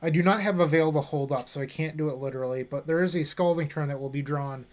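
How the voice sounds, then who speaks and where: A man's voice: on the high side, quick pace. Man thinking aloud while streaming. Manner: thinking aloud, chatting with viewers between plays. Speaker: streamer playing a card game. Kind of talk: casual gameplay commentary.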